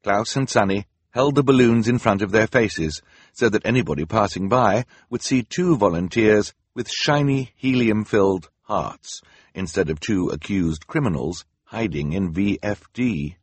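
A man's voice: on the low side, animated, measured pace, slightly rough, no echo. A man reading a story aloud in scripted audiobook narration, with a dry, wry storytelling manner.

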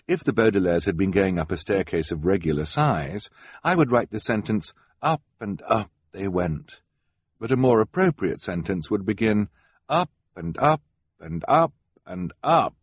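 A man's voice: fairly low pitch, a little mellow, slightly rough, dry recording. A man narrating a storybook with a wry, melancholy storyteller manner, close to the microphone. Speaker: audiobook narrator.

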